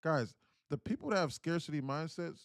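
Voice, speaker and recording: Animated man hosting a live trading stream. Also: fairly high pitch, moderate pace, dry recording, soft background music. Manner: animated storyteller who acts out quoted voices. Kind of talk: casual livestream chat.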